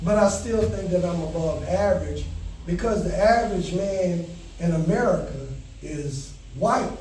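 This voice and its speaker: A man doing a stand-up comedy set, telling a story with animated delivery and panicked shouted bits. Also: sits high, a little slow, slight background noise. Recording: echoey venue heard from a distance.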